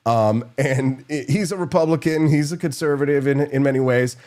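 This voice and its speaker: A male host telling stories on his own political talk show. His voice sits at an ordinary middle pitch, and he rambles from one anecdote to the next, breaking into quick impressions of the people he quotes. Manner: rambling, animated storytelling with impressions. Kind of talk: casual political commentary.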